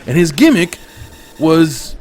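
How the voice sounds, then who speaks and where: A man's voice: a little high, big pitch swings, slow pace, darkish tone. Candid, swearing gaming host man. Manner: candid, profane, rambling. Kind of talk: casual storytelling over gameplay.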